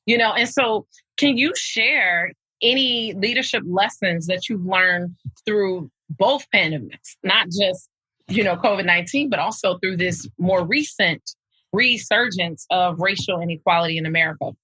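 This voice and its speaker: Female host, bright and slightly husky tone, thoughtful recap style. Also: mid-range voice, moderate pace, no echo, rough recording. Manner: reflective, summarizing the guest's points with restarts. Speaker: podcast host. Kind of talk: interview conversation.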